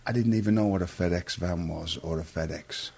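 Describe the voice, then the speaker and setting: A man's voice: low voice, a little fast, creaky, a little mellow, slight background noise. A middle-aged English man telling a long story in a casual interview, rambling and interrupting himself. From England. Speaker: guest.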